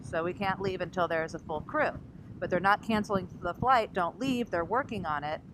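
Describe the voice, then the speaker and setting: Low-voiced woman telling a travel story. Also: normal speed. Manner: animated, acts out other people's lines. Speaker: vlogger. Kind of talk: casual storytelling vlog. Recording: noisy recording with vehicle sounds.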